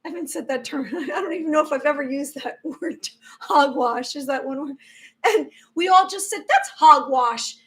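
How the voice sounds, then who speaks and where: A woman hosting a spiritual live stream, talking in an earnest, rambling way with many restarts. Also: sits high. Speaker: spiritual livestream host. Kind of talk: casual live-stream talk.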